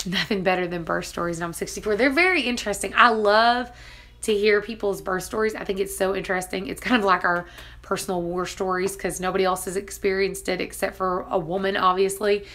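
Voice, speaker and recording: A woman's voice: mid-range voice, creaky, sharp tone. A woman in her thirties, a vlogger and mother, chatting casually and telling stories, acting out quotes and laughing often. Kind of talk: casual chat.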